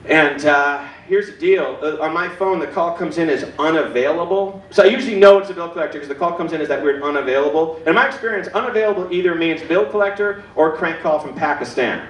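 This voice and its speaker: A man's voice: fairly high pitch, quick pace, few pauses, roomy sound, distant mic, rough recording. A man in his forties doing a stand-up comedy set, self-deprecating and acting out other people's voices. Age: 40s. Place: comedy club stage. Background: audience laughter.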